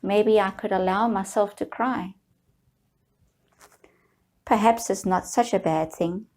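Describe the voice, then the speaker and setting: A woman guiding viewers through a slow, soothing tapping session, leading them in repeated affirmations. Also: medium pitch, darkish tone. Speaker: EFT tapping guide.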